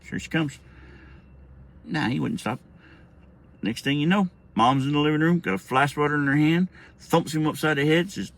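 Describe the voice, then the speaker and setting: A man's voice: on the high side, lively intonation, fairly quick, creaky. A middle-aged man telling a childhood story in a casual, rambling, profane way with many restarts.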